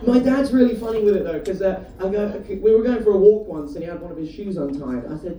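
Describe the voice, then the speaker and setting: A high-pitched man from the UK works a comedy club crowd, telling stories in a chatty way and firing off quick asides to the audience. His tone is dark and mellow. He sounds roomy and a bit distant, as if picked up by a mic away from the stage. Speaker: stand-up comedian. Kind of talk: stand-up comedy set with crowd work. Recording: roomy live venue, mic heard from a distance. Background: audience laughter.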